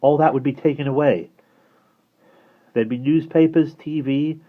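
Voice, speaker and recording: A man's voice: on the high side, fairly even intonation, a little slow, pitched above the performer's own voice, close to an everyday voice. A man reading aloud and voicing an earnest, worried young boy in a storybook, talking urgently over a tinny, phone-like recording. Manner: urgent, insistent.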